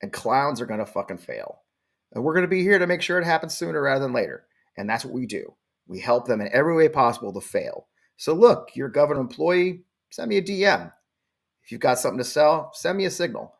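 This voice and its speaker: A man's voice: mid-range voice, animated, quick pace, vocal fry. Blunt, swearing male show host. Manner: blunt, profane, defiant. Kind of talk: live show monologue.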